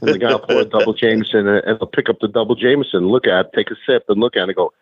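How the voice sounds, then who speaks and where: A man's voice: lowish voice, very fast, slightly rough, no room sound, lo-fi sound. A middle-aged man, a guest on a podcast, telling stories animatedly, putting on voices and often stammering. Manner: animated storyteller, does voices in anecdotes, stammers. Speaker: guest, former wrestler and actor. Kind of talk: casual interview chat.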